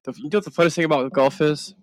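A man's voice: on the high side, fairly even intonation, rapid-fire, no room sound, studio quality. A man with a Southern Florida accent, co-hosting a football podcast in casual chat, blunt and teasing. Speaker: podcast co-host.

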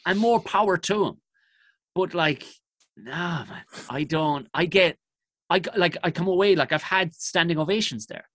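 A man's voice: a little high, normal speed, fairly bright tone, no echo. A young man, telling comic stories in a profane, self-mocking way on a podcast. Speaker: comedian guest. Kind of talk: storytelling podcast chat.

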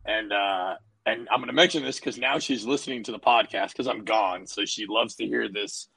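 A man with a raspy, gravelly voice co-hosting a podcast, rambling and swearing freely in casual banter. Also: fairly low pitch, normal speed, sharp tone, poor audio. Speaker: podcast co-host.

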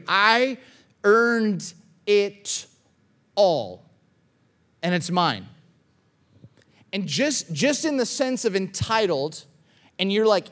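A man's voice: high-pitched, very animated, takes it slowly, fairly bright tone. A man preaching a sermon in a conversational way, repeating phrases and acting out quoted inner thoughts. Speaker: pastor.

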